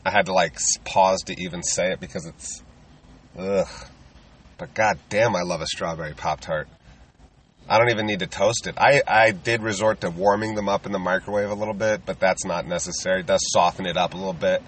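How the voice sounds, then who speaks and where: A man's voice: low voice, fairly even intonation, fairly quick, a bit bright, distant mic, a little hiss or hum. A man, a touring stand-up comedian, rambling casually and self-deprecatingly with lots of fillers.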